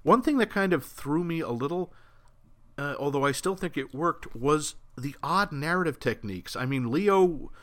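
A man from New England giving animated, opinionated takes in a casual film conversation, laughing often. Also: on the high side, moderate pace.

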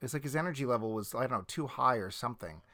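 A middle-aged man from the Boston area, co-hosting a casual movie talk, chatty and joking, sometimes trailing off quietly. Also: medium pitch, animated, rapid-fire. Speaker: podcast co-host.

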